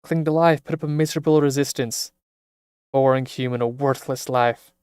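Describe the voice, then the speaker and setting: A man's voice: medium pitch, fairly even intonation, normal speed, darkish tone, smooth, no room sound, studio quality, close to an everyday voice. A man voicing a cruel, taunting male host of a death game in a video game, speaking with contempt. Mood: contemptuous.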